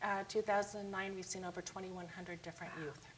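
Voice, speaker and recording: A middle-aged woman, founder of a youth charity, telling her story in a TV talk interview, lively, acting out quoted people in a higher voice. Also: fairly quick, a little hiss or hum, poor audio.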